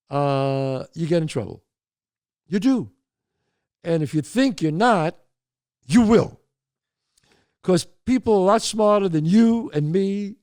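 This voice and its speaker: A man's voice: a little high, no room sound, studio quality. A man hosting a show, telling neighborhood stories and giving advice, calling his listeners folks with emphatic asides. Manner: animated storyteller with emphatic asides. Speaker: host.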